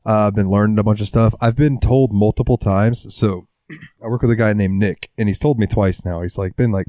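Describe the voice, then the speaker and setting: A man's voice: fairly low pitch, steady tone, brisk, dark tone, dry recording. Laid-back young man with a strained voice. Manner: laid-back, swearing, throat-clearing. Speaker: podcast co-host. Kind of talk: casual chat.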